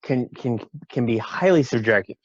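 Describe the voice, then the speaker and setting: Young man, lowish voice, dry muffled lo-fi sound, laid-back rambling co-host. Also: lively intonation, moderate pace, no echo. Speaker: podcast co-host. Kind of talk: casual chat.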